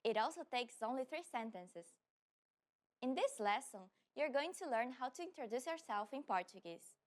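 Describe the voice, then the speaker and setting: A woman hosting a scripted beginner lesson as a friendly teacher, slowing down when she repeats example phrases. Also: high voice, very animated. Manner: friendly instructional tone, slows down for repetitions. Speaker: language teacher and host.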